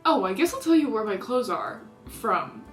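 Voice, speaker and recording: A woman's voice: a little high, sing-song, moderate pace, faint music behind. Chatty young woman vlogging. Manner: chatty, giggly, rambling with filler words. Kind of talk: casual get-ready-with-me chat.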